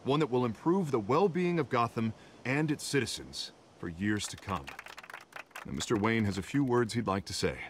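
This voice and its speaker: A man's voice: medium pitch, expressive, normal speed, slight background noise, close to an everyday voice. An actor playing an easygoing male district attorney giving a friendly, formal public speech.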